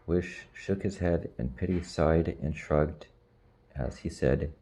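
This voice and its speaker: A man reading a storybook aloud in slow, measured audiobook narration. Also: extremely low pitch, warm tone, husky.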